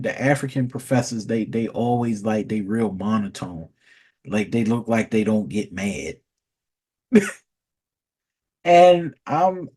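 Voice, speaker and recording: A man's voice: medium pitch, mellow. A man ranting casually in a vlog, rambling and profane, often restarting and repeating words. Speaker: vlogger. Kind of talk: casual storytelling rant.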